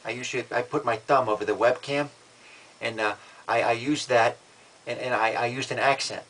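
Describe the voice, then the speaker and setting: Man in a measured, defiant vlog rant. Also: medium pitch, steady tone, fairly bright tone, poor audio. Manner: measured, matter-of-fact, defiant; frequent restarts and repeated words. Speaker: vlogger. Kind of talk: casual vlog monologue.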